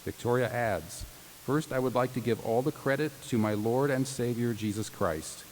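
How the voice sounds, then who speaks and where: A man's voice: medium pitch, moderate pace. Man announcing graduates in a reverberant hall. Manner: formal reading with playful joking asides. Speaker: commencement announcer. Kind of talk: ceremonial reading of graduate tributes. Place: large commencement hall. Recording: reverberant hall with faint hiss.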